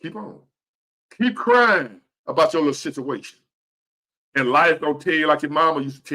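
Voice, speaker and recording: A man's voice: sits high, big pitch swings, normal speed, bright, forceful tone. A man in his fifties giving a blunt, profane, preachy motivational rant to the camera. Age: 50s. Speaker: vlogger.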